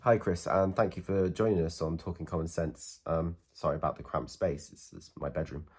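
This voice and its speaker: A man's voice: low-pitched, fairly even intonation, fairly quick, darkish tone, breathy edge. A man hosting a comedy sketch in his bedroom, dry in delivery and hesitant, with many ums. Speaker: comedy host and musician. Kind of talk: comedy sketch, then interview.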